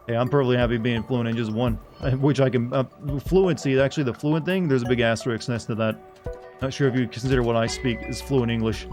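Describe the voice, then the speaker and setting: A man's voice: mid-range voice, steady tone, brisk, music in the background. Rambling, chuckling male game streamer. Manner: rambling, chuckling, fumbling over pronunciations. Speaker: streamer playing a video game. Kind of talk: casual live-stream commentary.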